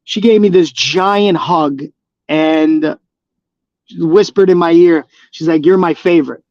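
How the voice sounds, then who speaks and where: A man's voice: on the high side, takes it slowly, darkish tone, no echo, muffled recording. A man, a professional wrestler, telling stories in a casual interview, rambling with many fillers and restarts.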